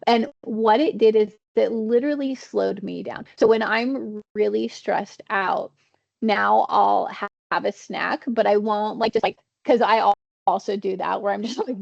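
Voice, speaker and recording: A woman's voice: medium pitch, a little slow, creaky, no room sound, dull audio. A woman leading an online stress-management training, talking conversationally and checking in with her listeners. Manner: conversational, checks in with "all right?". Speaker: workshop trainer. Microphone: video call.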